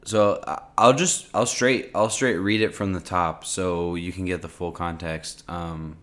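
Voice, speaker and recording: Reading a transcript aloud during a relaxed podcast conversation, this male co-host stumbles along with frequent "like"s and restarts. His voice is low and fairly bright, with a steady tone and a slightly slow delivery.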